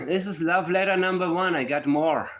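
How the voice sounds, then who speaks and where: A man's voice: a little high, normal speed, a bit bright. A man hosting a true-crime livestream, talking to his chat in a sarcastic, mock-emotional way. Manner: reads letters aloud in a syrupy mocking tone. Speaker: livestream host.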